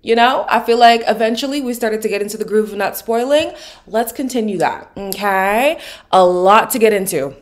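A woman with a deep morning voice giving casual, opinionated commentary on a reality show to her channel's viewers. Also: a little fast. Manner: opinionated, sassy, emphatic. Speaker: recap vlogger.

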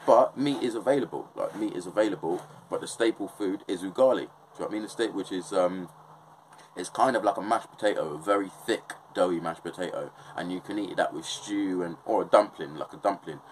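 Young English bloke, slightly low voice, heated swearing rant, keeps checking you follow. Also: male voice, brisk, slight background noise, low-quality recording. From England. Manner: impassioned, swears often, keeps asking "do you know what I mean". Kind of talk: casual ranting monologue.

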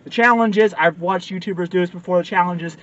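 A man's voice: high voice, a little fast, fairly bright tone, lo-fi sound. A young man hosting a casual vlog from inside a car, hyped and joking. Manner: hyped, joking, yelps and laughs. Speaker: vlogger host.

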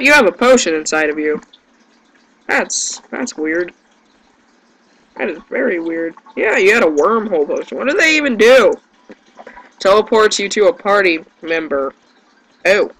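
A man's voice: sits high, lively intonation, measured pace, pauses often, a bit bright, low-quality recording. A man giving gameplay commentary, yelping in panic and groaning at his own mistakes. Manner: panicky yelps and self-deprecating groans. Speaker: let's play gamer.

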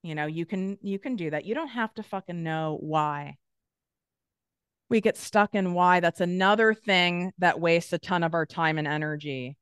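A middle-aged woman with a lowish, smooth, resonant voice gives a blunt motivational coaching talk. She speaks directly to her audience and swears freely. The sound is close and dry, with no room echo. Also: normal speed. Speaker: business and manifestation coach.

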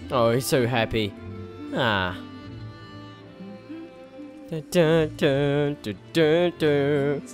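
A young man giving excitable let's play commentary as a gaming channel host, laughing often and swearing freely. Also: a little high, very slow, pauses often, music in the background.

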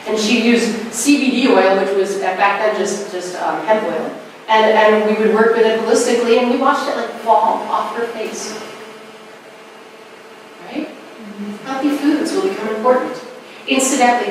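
A woman giving a spiritual lecture at a conference, animated and swooping up high on key words. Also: slight background noise. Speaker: conference speaker. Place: lecture hall. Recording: echoey hall from far off.

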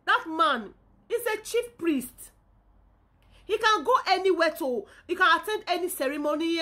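A woman's voice: very high voice, pushed and bright. A Nigerian woman from Edo State ranting in a reaction video, indignant and scolding, often repeating herself. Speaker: vlogger.

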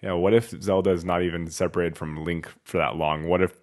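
A man's voice: low-pitched, fairly even intonation, a little fast, darkish tone, a little hiss or hum. A man giving casual, jokey let's-play commentary, wondering aloud as he plays a video game.

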